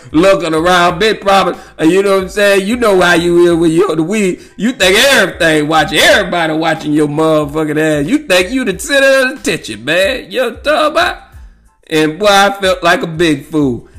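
A man's voice: on the high side, a bit bright. A man hosting a podcast who tells casual, profane, rambling stories, laughs at his own jokes and keeps checking in with "you know what I'm saying.". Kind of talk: casual storytelling monologue.

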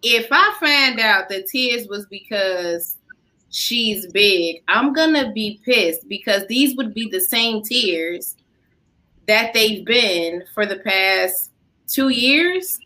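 Brash, profane woman co-host, bright tone. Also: mid-range voice, slow, low-quality recording. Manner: blunt, profane, animated. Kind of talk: casual chat.

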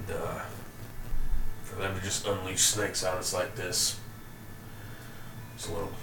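Blunt weary old townsman, played by a man, slow drawl, distant mic. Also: deep voice, little pitch movement, gravelly, background noise, voice pushed down. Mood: grumbling. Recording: roomy echo, distant mic.

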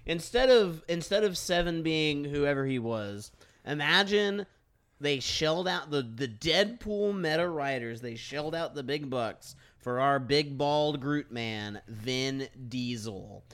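A man's voice: on the high side, lively intonation, measured pace, a bit bright, clear, resonant tone. A man joining a casual movie podcast, jokey and emphatic, often tossing in "dude". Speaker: podcast co-host. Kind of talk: casual movie review chat.

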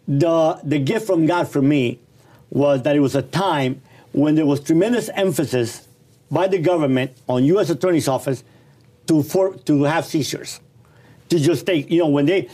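A middle-aged man telling his life story in a casual, animated, slangy and blunt way. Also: fairly high pitch.

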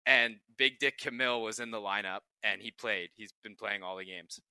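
Man, young adult, lowish voice, very bright tone, dry close sound, casual profane storytelling. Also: normal speed, smooth, no echo. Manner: profane, laughing anecdotes. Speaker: podcast co-host, pro hockey player.

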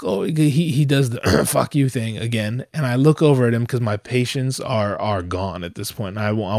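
A young man telling a profane, exasperated story in a dry close recording, with slangy talk that keeps stammering and restarting. His pitch stays mid-range as he rants animatedly. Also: a little mellow, dry recording. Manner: stammers and restarts when worked up. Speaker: vlogger. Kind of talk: casual storytelling rant.

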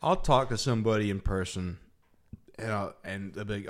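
A man's voice: medium pitch, animated, normal speed. Rambling, profane podcast co-host man. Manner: rambling, swears often, many restarts. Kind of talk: casual chat.

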